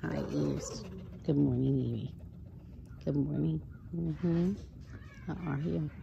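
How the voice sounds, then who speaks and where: A woman's voice: low-pitched, fairly even intonation, slow, gravelly, lo-fi sound, background noise. A woman caring for foxes at a sanctuary, chatting to them in a cooing pet voice outdoors. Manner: coos and chats to the foxes in a sing-song pet voice. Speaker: fox sanctuary caretaker. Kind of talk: casual talk to animals while filming. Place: outdoor animal enclosures.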